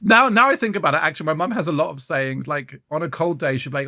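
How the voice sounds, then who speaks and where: A young man co-hosting a casual comedy podcast, animated and acting out his mum's voice as he tells stories. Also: a little high, fast talker, dry recording, studio quality. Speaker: podcast co-host.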